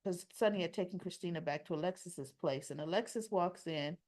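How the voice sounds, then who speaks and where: A woman's voice: fairly low pitch, fairly quick, darkish tone. A woman giving a casual soap opera episode recap, chatty and opinionated, acting out the characters' lines as she goes.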